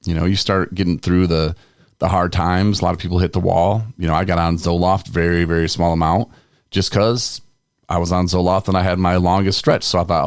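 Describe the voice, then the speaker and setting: A man's voice: low-pitched, fairly even intonation, a little fast, no room sound, clean studio sound. A young adult man co-hosting a podcast in a casual chat, telling candid stories and acting out the people in them. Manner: candid, storytelling with quoted voices and laughs. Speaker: podcast co-host.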